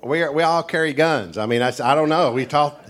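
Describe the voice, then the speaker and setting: A man's voice: on the high side, fairly quick, fairly bright tone. A male pastor with a thick East Tennessee mountain accent, joking folksily with a congregation as he preaches. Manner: folksy, joking, chuckling storyteller. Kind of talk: humorous sermon to a congregation.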